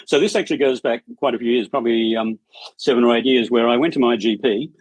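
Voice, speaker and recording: A man, a strata committee chair, speaking as a podcast guest in a measured, anecdotal way with dry humour. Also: mid-range voice, dry recording, low-quality recording. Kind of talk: conversational interview storytelling.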